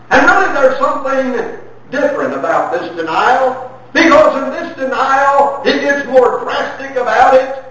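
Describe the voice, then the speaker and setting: A man from the United States preaching a sermon with slow, deliberate, emphatic phrasing. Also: extremely high pitch, fairly bright tone, distant mic. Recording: very echoey room, voice from afar.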